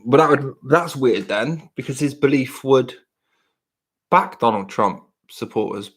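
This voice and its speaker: A young English man chats in a blunt, profane, rambling way. His voice sits at an ordinary pitch with a husky grain. He sounds like a podcast host thinking out loud. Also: animated, a little slow. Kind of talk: casual chat.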